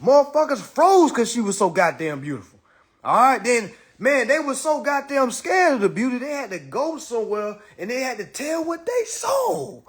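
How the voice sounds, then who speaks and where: Man, high husky voice, lively swooping delivery, boastful, profane, casual phone livestream. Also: normal speed. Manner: boastful, repetitive, profane, hyped up. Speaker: livestream host.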